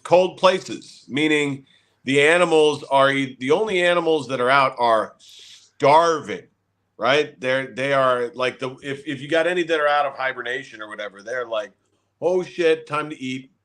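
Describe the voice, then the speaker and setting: A man in casual podcast chat, rambling his way toward a punchline. His voice is bright and sits at a middle pitch. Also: moderate pace. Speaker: podcast co-host.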